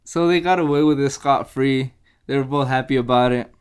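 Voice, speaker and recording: A man's voice: mid-range voice, brisk, clear, resonant tone. A young man casually reviewing a book, rambling and repeating himself as he retells the story, now and then acting out quotes.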